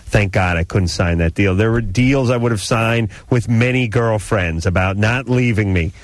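Man ranting loudly on late-night radio. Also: normal speed, dry recording. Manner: loud, comic rants with big swings in pitch. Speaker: radio call-in show host. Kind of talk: casual radio banter. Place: radio studio. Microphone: studio microphone.

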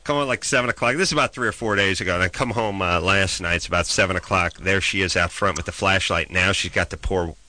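A man hosting a casual chat, telling stories in an animated, ranting way. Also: deep voice, fast, few pauses.

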